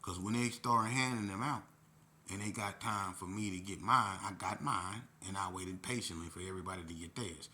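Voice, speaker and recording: A man telling a personal story in a casual, animated way, with lots of profanity. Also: deep voice, normal speed.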